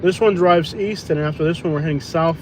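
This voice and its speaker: Guy rambling on a phone livestream from his car, kinda high voice, lots of road noise. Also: brisk, darkish tone. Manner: rambling, joking, loose. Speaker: food delivery driver streaming live. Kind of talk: casual livestream chat while driving. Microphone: phone on live stream. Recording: noisy car cabin.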